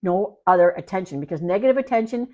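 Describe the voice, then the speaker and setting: Woman, dog trainer, casual podcast advice, plainspoken, medium pitch, repeats herself for emphasis. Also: animated, fast, darkish tone, muffled recording. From Canada. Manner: plainspoken, repeats key points, acts out dog and owner lines. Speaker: dog trainer answering listener questions.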